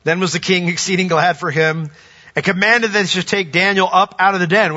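A man's voice: high voice, fairly even intonation, fairly quick, sharp tone, lo-fi sound. A man preaching a sermon as pastor, earnest and building to emphatic declarations.

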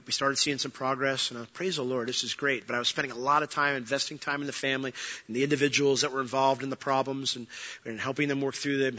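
Male pastor, sermon storytelling, piercing bright tone, emphatic and humorous, muffled lo-fi recording. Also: mid-range voice. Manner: animated preaching, building to loud passionate peaks. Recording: dull lo-fi sound.

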